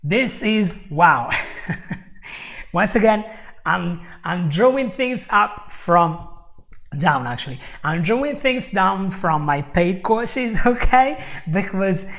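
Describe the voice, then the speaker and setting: A man teaching English in a live online lesson, moving at an unhurried, drawn-out pace. He keeps checking in with his viewers, tosses in quick laughs and answers chat comments by name. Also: high voice, animated, gravelly, a bit bright. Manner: explanatory, checks in with "okay?" constantly, laughs often.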